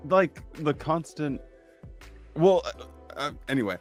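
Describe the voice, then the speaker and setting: A man's voice: medium pitch, animated, brisk, music in the background. Laid-back man hosting a casual stream. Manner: jokey, laughs easily, rambling. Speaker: livestream host. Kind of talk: casual livestream chat.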